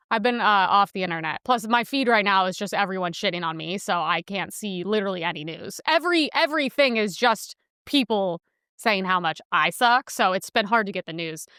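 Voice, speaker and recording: Young woman, podcast host, chatty, sarcastic, bright tone, dry close sound. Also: fairly high pitch, clean tone, dry recording. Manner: chatty, sarcastic, laughs often. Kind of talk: casual political commentary.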